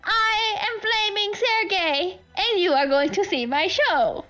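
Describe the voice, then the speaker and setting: Brief: woman playing a boastful goblin ringmaster, high-pitched and bouncy, bright and piercing. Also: lively intonation, takes it slowly, faint music behind, exaggerated voice. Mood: showman bluster. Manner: grand, announcing like a stage host. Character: showy male goblin fire-juggling showman.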